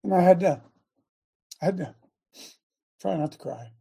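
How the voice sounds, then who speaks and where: A man hosting a talk show in a preachy, rambling rant. He swings from loud outbursts to low asides and restarts his sentences often. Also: lively intonation, normal speed, vocal fry, husky. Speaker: show host.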